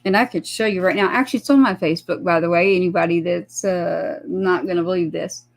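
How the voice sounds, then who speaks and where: A woman's voice: fairly low pitch, brisk, vocal fry. A woman, a guest on a talk show, telling a personal story in casual chat and acting out the voices of the people in it. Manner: animated, acts out quoted dialogue.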